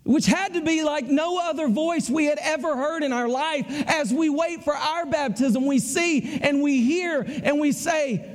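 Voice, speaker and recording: High-voiced Southern preacher in a reverberant hall. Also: male voice, a little slow, few pauses. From American South. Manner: folksy, conversational preaching with repeated phrases. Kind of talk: sermon.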